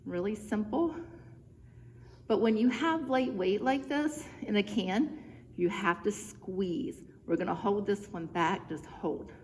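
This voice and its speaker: A woman coaches a home workout at a steady middle pitch, cueing each move in an encouraging, chatty way while a little out of breath. Her voice rings with a long reverb, and a faint hum sits behind it. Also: takes it slowly. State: a bit out of breath. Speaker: fitness instructor. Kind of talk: guided home exercise instruction. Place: church room, indoors. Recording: reverberant room with faint background noise.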